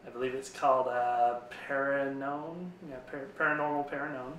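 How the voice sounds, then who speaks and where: A man's voice: mid-range voice, flat delivery, moderate pace, a bit bright, distant mic, dull audio, slight background noise. A man co-hosting in casual chat. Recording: echoey room, off-mic.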